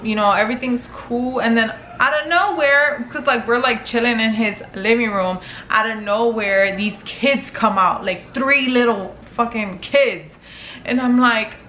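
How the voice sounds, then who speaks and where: A woman's voice: medium pitch, sharp tone, slight background noise. A young woman telling a personal story to camera in casual chat, full of fillers and swearing. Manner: chatty, filler-heavy, swears casually, acts out quotes. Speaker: storytime vlogger. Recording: echoey room with faint ambience.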